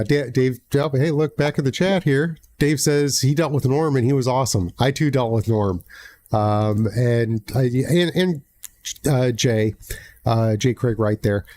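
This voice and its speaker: Casting: American man hosting a live stream, blunt and profane, stumbling restarts, mid-pitched voice. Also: darkish tone. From United States. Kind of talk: casual livestream talk.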